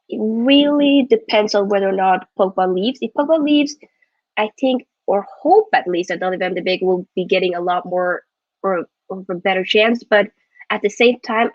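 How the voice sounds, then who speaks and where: A woman's voice: mid-range voice, normal speed, no room sound, lo-fi sound. A woman hosting a live football watchalong, chatting casually and rambling, often correcting herself mid-sentence. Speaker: football vlogger host.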